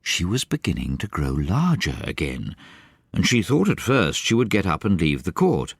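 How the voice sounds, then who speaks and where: A man reading a children's novel aloud as an animated audiobook narrator. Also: low-pitched, normal speed, slightly rough, dry recording, clean studio sound. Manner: animated, varied storytelling. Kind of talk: expressive storybook narration.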